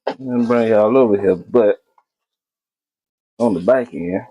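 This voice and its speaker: A man's voice: lowish voice, a little slow, lo-fi sound. A man hosting a casual cooking video, talking to viewers as he cooks and often repeating his phrases.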